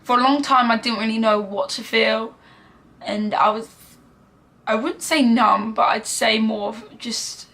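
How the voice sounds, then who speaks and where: A young British woman of nineteen speaks with a British accent in a casual storytime vlog. Her voice sits a little high, and she talks earnestly, with fillers and quoted dialogue along the way. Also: fairly bright tone. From Britain. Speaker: vlogger.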